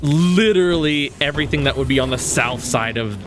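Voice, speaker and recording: A man's voice: fairly high pitch, fairly quick, music in the background. A man from Western Canada chatting casually while streaming a game. He rambles, restarts his sentences and chuckles often. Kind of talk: casual gaming stream chat.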